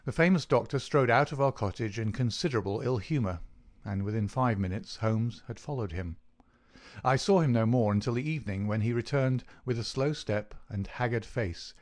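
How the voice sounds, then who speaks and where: A man narrating a classic detective story in a steady, even storytelling manner. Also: lowish voice. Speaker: audiobook narrator. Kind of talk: scripted narration.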